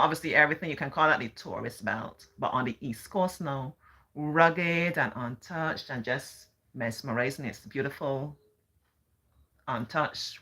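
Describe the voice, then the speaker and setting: A woman's voice: low-pitched, sharp tone. A middle-aged woman from Barbados with a Barbadian accent, chatting casually on a livestream and answering viewer comments. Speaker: livestream host.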